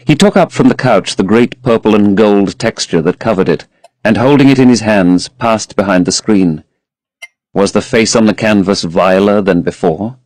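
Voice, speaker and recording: Male audiobook narrator, low and expressive, measured pace, dry recording. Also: dry recording. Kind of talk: audiobook narration of a classic novel.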